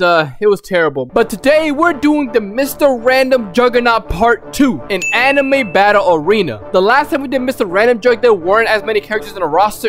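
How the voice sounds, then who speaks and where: A young man casually commentating his own gameplay, excitable and full of rapid repeated callouts. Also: high-pitched. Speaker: gaming YouTuber.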